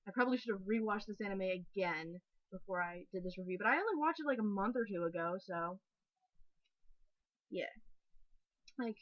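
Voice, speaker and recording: A woman's voice: mid-range voice, no room sound. Young woman, casual chatty review, filler-heavy, dull lo-fi webcam audio, dry. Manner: chatty, frequent "like" fillers, ranting. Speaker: anime reviewer.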